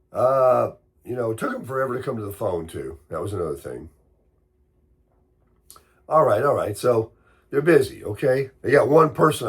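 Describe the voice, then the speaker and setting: An American man, sick and congested with a hoarse voice, telling a rambling, grumbling story in a casual morning chat. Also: mid-range voice. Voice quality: husky. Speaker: vlogger.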